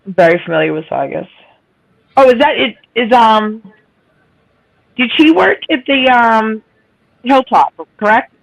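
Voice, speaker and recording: A woman's voice: fairly high pitch, lively intonation, measured pace, creaky, long pauses, poor audio. A woman with a nasal voice, hosting a live stream in casual, teasing chat. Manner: chatty, teasing, laughs often.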